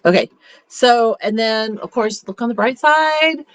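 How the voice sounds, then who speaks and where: A woman's voice: on the high side, moderate pace, dry recording. Chatty, upbeat woman consultant. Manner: chatty and upbeat, with rambling restarts. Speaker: beauty consultant leading a meeting. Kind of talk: casual motivational talk.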